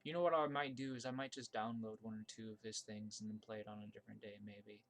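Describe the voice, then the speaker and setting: A man giving casual live-stream commentary while playing viewer-made game levels, thinking aloud with restarts and fillers, and yelping when something surprises him. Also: quick pace. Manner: bursts of high excitement at surprises.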